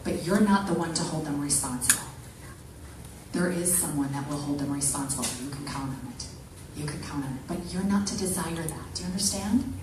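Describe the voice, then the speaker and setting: A woman giving an animated motivational talk to a women's group, acting out the people she quotes. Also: sits low, fairly quick. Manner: animated, acts out quoted voices. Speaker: motivational speaker. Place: meeting room with an audience. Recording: echoey room from far off, faint noise.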